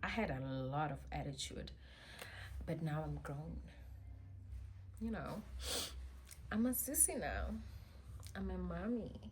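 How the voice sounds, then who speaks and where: A woman telling a personal story as a vlogger, chatty and expressive with many asides. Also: deep voice, slow pace, long pauses, a little hiss or hum. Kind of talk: storytime monologue.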